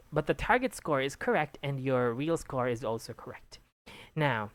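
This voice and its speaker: A woman with a low voice gives patient, encouraging feedback in a one-on-one English lesson, checking in often with "okay". The sound is dry and close, with no room around it. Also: dry recording. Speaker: English tutor giving exam feedback.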